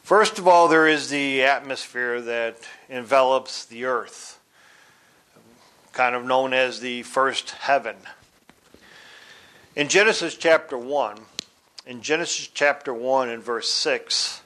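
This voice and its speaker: A man teaching from the Bible in a deliberate, explanatory way, spelling out words letter by letter. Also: mid-range voice, pushed and bright.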